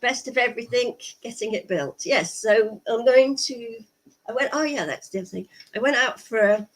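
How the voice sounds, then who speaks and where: A middle-aged woman from England rambles casually to her viewers while out on a walk, filmed on a handheld camera for her vlog. Her voice sits on the high side at a normal speed, and the recording is rough.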